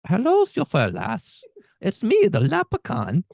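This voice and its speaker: A man voicing a mischievous male leprechaun guarding his gold, in a slow, sing-song, high put-on voice. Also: wildly swooping pitch, gravelly, darkish tone, no echo, studio quality, full character voice. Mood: teasing.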